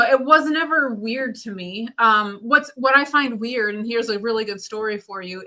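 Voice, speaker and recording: A woman's voice: fairly high pitch, bright, forceful tone. A woman as a guest in a casual chat, speaking frankly and swearing casually.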